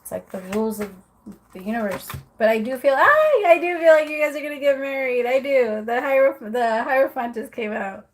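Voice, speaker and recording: Woman doing tarot readings on a live stream, kinda high voice, chatty and giggly, noisy audio. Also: expressive, a little fast. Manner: chatty, apologetic, laughs often. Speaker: tarot reader.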